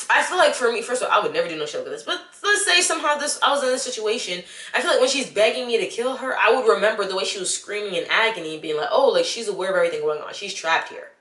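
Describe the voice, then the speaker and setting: Young woman, casual movie rant, bright voice, exasperated and animated, echoey room. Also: mid-range voice. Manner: animated, exasperated, talks straight to the viewer. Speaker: vlogger.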